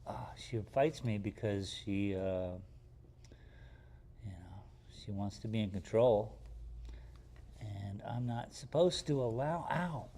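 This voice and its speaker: A man on a live stream, talking softly and soothingly to his puppy, hushing her and explaining how he calms her down. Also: medium pitch, gravelly, slight background noise. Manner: soft, soothing talk to a puppy, hushing and praising. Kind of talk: casual live-stream chat. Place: art gallery workspace.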